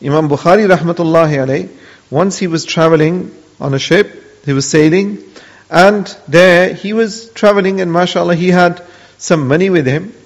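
An Islamic teacher with a high voice speaks at normal speed, earnestly telling an old story as part of a religious lesson and dropping in pious honorifics. Long hall reverb fills the dull, lo-fi recording.

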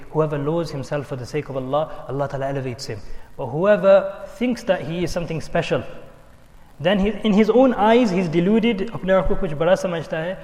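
A man's voice: on the high side, darkish tone, big-room sound. A man preaching a sermon, telling stories and mixing in Urdu and Arabic quotations. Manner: storytelling, switching between English, Urdu and Arabic quotations. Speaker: Islamic preacher.

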